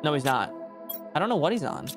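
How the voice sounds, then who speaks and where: A man chatting playfully during a co-op video game, laughing and giving quick directions to his friends. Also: a little high, big pitch swings, music in the background. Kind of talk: casual gaming chat.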